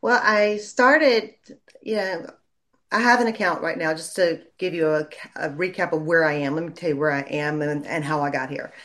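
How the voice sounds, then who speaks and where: A woman, a lawyer chatting in an interview and telling stories in a lively way. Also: sits low, normal speed. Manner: chatty storyteller, animated when quoting people. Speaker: lawyer and legal commentator. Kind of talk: casual interview chat.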